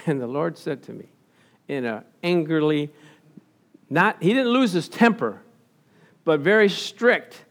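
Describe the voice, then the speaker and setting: A man preaching a sermon as pastor, animated, laughing often and asking his listeners questions he then answers himself. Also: sits high, slow, long pauses. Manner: animated, asks the congregation questions and answers them. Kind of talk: sermon with slides.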